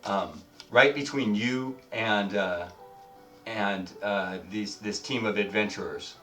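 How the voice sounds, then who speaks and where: A man narrates a tabletop game as dungeon master, rambling, chuckling and leaning heavily on fillers. His voice is on the low side, slow and a bit bright. The roomy recording is off-mic and distant, with faint music behind.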